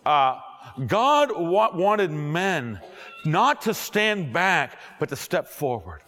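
Animated middle-aged male pastor preaching. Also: fairly high pitch, slow, big-room sound. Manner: animated preaching, jokes and asides. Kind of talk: sermon to young adults.

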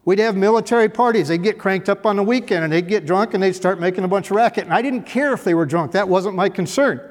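Speaking quickly in a high voice, a middle-aged man who used to be a police officer entertains an audience with funny stories. He's folksy, dryly self-mocking, and the room has an echoey hall sound.

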